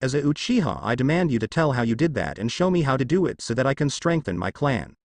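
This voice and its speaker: A man's voice: mid-range voice, animated, fast talker, darkish tone, no echo. A man reading the part of an arrogant, bullying teenage ninja boy who sneers and makes demands. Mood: arrogant, sneering.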